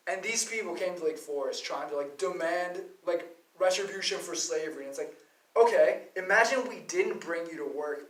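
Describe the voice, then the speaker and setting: Male vlogger, high-pitched, heated profane rant, off-mic. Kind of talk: ranting monologue. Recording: roomy, distant from the mic.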